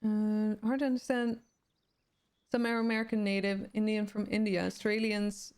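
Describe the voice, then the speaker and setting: A Swedish woman who streams games chats with her live viewers, reading their comments aloud and responding in a chatty manner. Her medium-pitched voice is a little mellow and clean in tone, with a flat delivery at a moderate pace.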